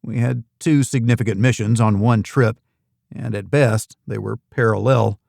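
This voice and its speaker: A man narrates a first-person thriller audiobook at a steady, measured pace. His mid-range voice has a noticeable gravelly grain. The recording is dry and close, with no room echo. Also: medium pitch.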